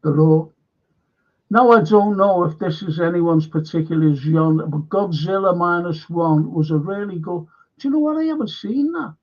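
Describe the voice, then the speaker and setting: A man's voice: sits high, moderate pace. A man hosting a live stream, rambling bluntly and swearing often. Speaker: show host. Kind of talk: casual live-stream chat. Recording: dull lo-fi stream audio.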